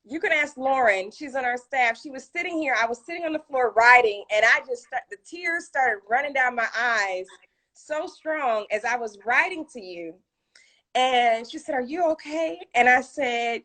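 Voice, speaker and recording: A woman hosting a casual live video chat, telling stories and quoting friends with feeling, talking through a phone. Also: on the high side. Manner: storytelling, quotes friends, emotional and warm. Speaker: author and live stream host. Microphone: phone on a live video call.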